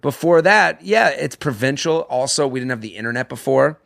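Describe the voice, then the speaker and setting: A man's voice: medium pitch, animated, normal speed, creaky, a bit bright, no room sound, clean studio sound. Rambling, swearing man. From Boston. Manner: rambling, swearing, laughs at himself. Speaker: comedian guest. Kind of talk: casual podcast chat.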